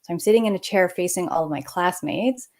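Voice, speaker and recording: A woman in her forties, a naturopathic doctor and podcast guest, telling a personal story in a lively, conversational way and acting out the people she quotes. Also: on the low side, a little fast.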